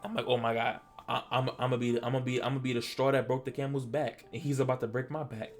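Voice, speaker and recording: A man from Delaware rattles through a personal storytime at a quick clip, stumbling over repeated words as he acts out his own past lines. His voice sits at an ordinary middle pitch, with faint music underneath. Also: flat delivery. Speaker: storytelling vlogger. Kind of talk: casual storytime.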